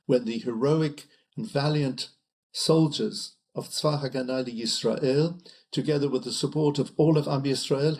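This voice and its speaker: An older man, a chief rabbi, guest on an interview podcast, telling stories in a measured way. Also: medium pitch, darkish tone. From United Kingdom. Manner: measured, storytelling delivery. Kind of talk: interview conversation.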